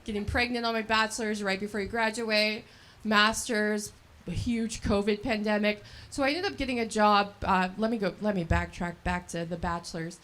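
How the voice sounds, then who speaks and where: A woman's voice: medium pitch, steady tone, moderate pace, fairly bright tone. A woman in her thirties from El Dorado County, telling her own story in a chatty, laughing way as a scholarship recipient speaking at a fundraiser. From El Dorado County, California. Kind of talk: speech at a fundraiser event. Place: event at a brewery.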